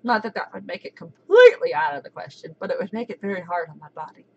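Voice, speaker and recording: A woman in her thirties hosting a casual live chat, giddy, giggly and excitable. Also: medium pitch, fast talker, gravelly, highs cut off, slight background noise. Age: 30s. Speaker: livestream host.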